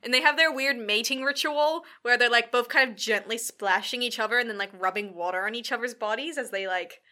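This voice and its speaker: A woman casually recapping a film, animated and full of "like", acting out bits of dialogue. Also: on the high side, fairly quick. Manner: animated, peppered with "like", acts out quotes.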